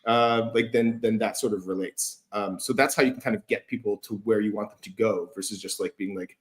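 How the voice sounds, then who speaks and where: A man's voice: on the low side, steady tone, a little fast. A man hosting a casual feedback conversation, talking loosely with plenty of fillers and swearing. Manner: loose, profane, lots of fillers. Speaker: host giving feedback.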